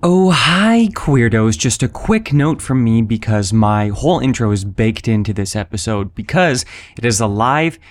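A man's voice: mid-range voice, animated, measured pace, no echo. A man talking through his podcast intro in a rambling, self-mocking way, full of fillers. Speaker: podcast host. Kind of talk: casual solo podcast monologue.

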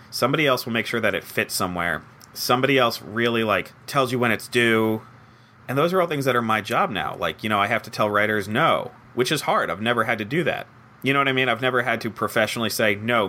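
A young man with a bright, forward voice talks through an interview about his writing job. He is animated and self-deprecating and acts out quoted lines in little voices. Faint background noise sits under the recording. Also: on the low side. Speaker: head writer of a comedy show. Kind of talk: conversational interview answers.

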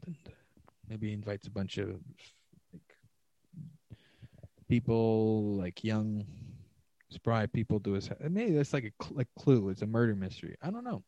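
A man's voice: on the low side, lively intonation, unhurried, long pauses, warm tone, dry recording, dull audio. A man who is a comedian and hosts a podcast, riffing alone in a rambling, profane, self-mocking way. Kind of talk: solo podcast monologue.

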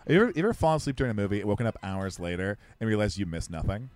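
A man chatting casually about movies, talking fast, self-deprecating, tripping over quick restarts. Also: fairly low pitch, very animated, darkish tone. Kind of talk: casual movie-watching chat.

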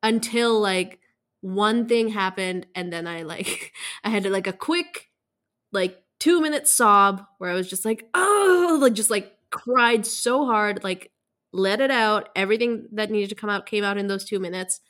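A woman in a casual conversation, talking in a halting, emotional way with many fillers. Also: mid-range voice, a bit bright.

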